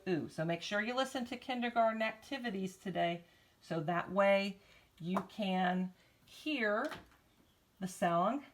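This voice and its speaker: A woman teaching kindergartners phonics, slowly drawing out vowel sounds in an encouraging, sing-song way and speaking straight to the children. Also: mid-range voice, a bit bright. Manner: encouraging, talks directly to children. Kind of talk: recorded morning meeting lesson for young children.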